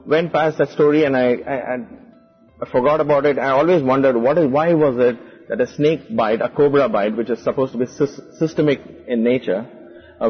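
A man telling a personal story in conversation, animated, with frequent restarts. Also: mid-range voice, husky. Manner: animated, acts out quoted voices, frequent restarts. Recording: muffled with long reverb and faint music.

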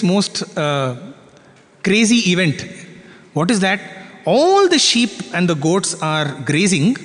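A man telling a parable as a spiritual teacher, animated and full of rhetorical questions. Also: high voice. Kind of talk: storytelling sermon. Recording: long reverb in a hall.

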